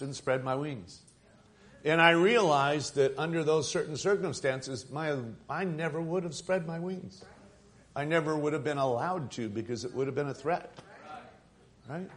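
A middle-aged man preaching a sermon as a pastor, building to emphatic, repeated declarations. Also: on the high side. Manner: preaching with rising emphatic repetition.

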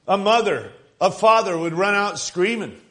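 A man's voice: high voice, lively intonation, normal speed, a bit bright. A man preaching a sermon with emphatic delivery, repeating words and calling to his listeners as friends.

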